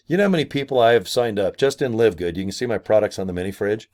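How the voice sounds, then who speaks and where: A man's voice: medium pitch, animated, fast talker, a little mellow. An older man vlogging a casual promotional rant, goofy and crude, full of exaggerated asides and silly put-on voices. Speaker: marketing vlogger.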